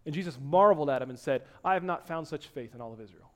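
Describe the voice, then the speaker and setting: A man preaching a sermon, dropping to hushed tones and then rising to loud, emphatic exhortation. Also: fairly high pitch, animated, fast. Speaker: pastor.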